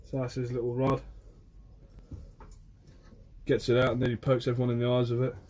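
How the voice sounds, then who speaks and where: A man's voice: medium pitch, completely flat delivery, a little fast, darkish tone, a little hiss or hum. A young man from Guernsey, a fisherman chatting casually on a phone live stream and answering viewers by name. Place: outdoors by the shore.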